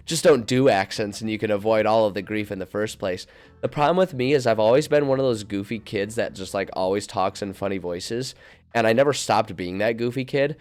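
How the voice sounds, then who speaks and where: A man chatting casually on a livestream as a game master, rambling and restarting his sentences. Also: mid-range voice. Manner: rambling, self-interrupting, laughs often.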